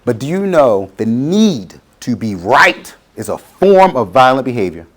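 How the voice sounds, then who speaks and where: A man's voice: medium pitch, very animated, unhurried. A middle-aged man, giving a motivational talk to students and acting out quotes in changing voices. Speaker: guest speaker.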